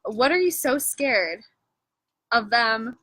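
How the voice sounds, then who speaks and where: A woman's voice: fairly high pitch, sing-song, pushed and bright, no echo. A Canadian woman hosting a casual chat, joking around and laughing often. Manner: giggly, joking, quick to laugh. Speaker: livestream host.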